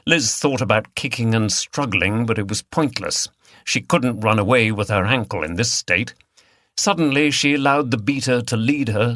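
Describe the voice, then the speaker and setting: A man narrating an audiobook in a steady, measured reading style. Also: fairly low pitch, no room sound, studio quality. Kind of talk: scripted narration.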